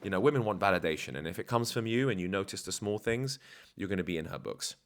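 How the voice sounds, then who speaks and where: A man's voice: low-pitched, lively intonation, quick pace. A man talking as a dating coach in a casual vlog, blunt, slangy and self-assured.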